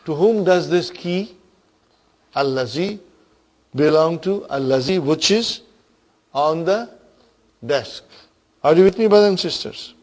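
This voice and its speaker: A man's voice: fairly high pitch, animated, a little slow, long pauses. A man teaching an Arabic grammar class, patiently explaining terms and often checking that his students follow.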